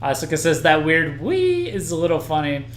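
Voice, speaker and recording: A man's voice: fairly high pitch, flat delivery, fairly quick, a bit bright, echoey room. A man hosting a live stream, reacting to an album as it plays, rambling and restarting his sentences. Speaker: podcast host.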